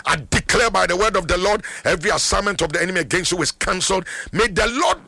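A man's voice: high-pitched, animated, fast, vocal fry, sharp tone, dry recording. A middle-aged Ghanaian man, a pastor praying fervently for callers on a radio call-in, in a sing-song declaring cadence.

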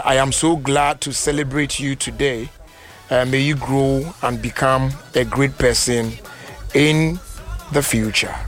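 A man with a Ghanaian accent hosting radio talk and reading ads, lively and slipping into sung phrases. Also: mid-range voice. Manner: lively, breaks into sung phrases, mixes Twi and English. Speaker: radio host.

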